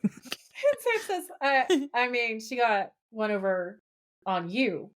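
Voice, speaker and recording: A woman co-hosting a podcast, casually recapping a TV episode and acting out the characters' lines with lively energy. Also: fairly high pitch, takes it slowly, slight background noise. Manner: animated storyteller who acts out the characters' lines. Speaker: podcast co-host.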